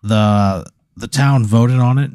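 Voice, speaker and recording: Guy with a low warm voice telling a rambling cussing comedy story, lots of uhs and likes, dry sound. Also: takes it slowly, no echo. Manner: rambling, profane storytelling with fillers. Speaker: podcast host. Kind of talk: improvised comedy scenario.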